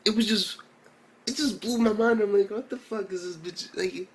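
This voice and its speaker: A young man reviewing an anime episode in a casual, excitable rant full of slang and swearing. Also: sits high, normal speed.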